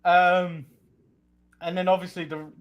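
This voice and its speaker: A man's voice: sits high, level tone, unhurried. A man co-hosting a casual wrestling podcast, recapping events with frequent ums and the odd swear word. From England. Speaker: co-host.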